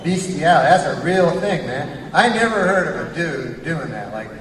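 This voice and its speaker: A man's voice: on the high side, big pitch swings, normal speed, slight background noise. A man doing a stand-up set, rambling and profane and laughing at his own jokes. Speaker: stand-up comedian. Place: comedy club stage before a live audience. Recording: echoey live room from far off with loud crowd.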